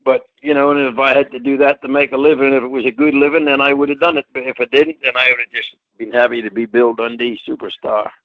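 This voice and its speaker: An older Scottish man, a retired wrestler, tells colloquial anecdotes as an interview guest and acts out the people he quotes. His mid-range voice barely moves in pitch, and he talks fast with few pauses. The audio is narrow and tinny, with no room sound.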